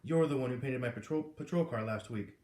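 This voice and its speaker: A man reading aloud, voicing a calm police officer who speaks in a level, matter-of-fact way, in a roomy recording. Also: mid-range voice, brisk, close to an everyday voice. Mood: firm. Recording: roomy echo.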